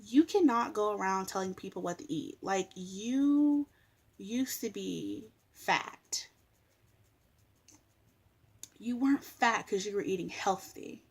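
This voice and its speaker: Young woman, vlogger, casual rant, blunt, sassy, exasperated, swears a lot, mid-pitched voice. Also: lively intonation, unhurried, darkish tone, husky.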